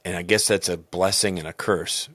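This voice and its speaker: A man, a baseball coach and podcast host, talking candidly and in a rambling, self-critical way in a loud booming voice. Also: steady tone, normal speed, dry recording. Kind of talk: personal reflective podcast talk.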